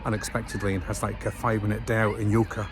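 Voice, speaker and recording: A man's voice: on the low side, flat delivery, fast talker, over music. A Scottish man chatting casually as he walks through town for a travel vlog, rambling with plenty of fillers. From Scotland. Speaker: travel vlogger. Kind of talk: casual walking vlog narration. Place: outdoors in town streets and station, rainy. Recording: outdoor vlog with clear street noise.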